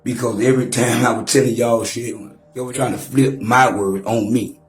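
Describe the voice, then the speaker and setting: A man's voice: mid-range voice, steady tone, normal speed, faint music behind. Man in his forties, taunting livestream rant, trash-talking, roomy echoey audio. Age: 40s. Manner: loud, taunting, trash-talking, mock-rapping. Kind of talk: profane roasting rant on a livestream.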